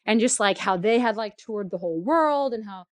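A woman's voice: mid-range voice, animated, normal speed, no room sound. Woman, casual storytelling, chatty and filler-heavy, laughs often, dry close sound.

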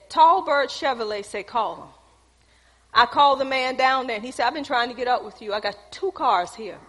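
A woman's voice: a little high, a bit bright, slightly rough. A woman preacher telling a personal testimony in a sermon, addressing the congregation as y'all. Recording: long hall reverb.

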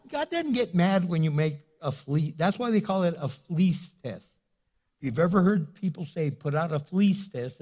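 A man preaching a sermon as pastor, animated and acting out the people he quotes. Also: fairly high pitch.

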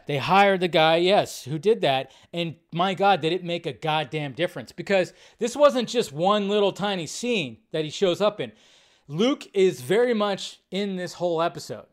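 Male podcast host, slightly high-pitched, casual, excitable, swears freely, lots of ums and restarts. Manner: excitable and profane, many fillers and restarts. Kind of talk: casual live-stream chat.

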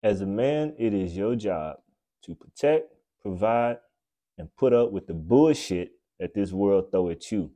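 A man hosting a podcast, delivering a blunt, profane, preachy comedic rant that swings between loud outbursts and low mutters. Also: animated, a little slow. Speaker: podcast host.

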